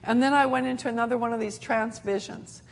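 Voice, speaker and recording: Gravelly-voiced woman preacher telling a testimony. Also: a little high, fairly even intonation, brisk. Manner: earnest storytelling with many restarts. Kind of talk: sermon testimony.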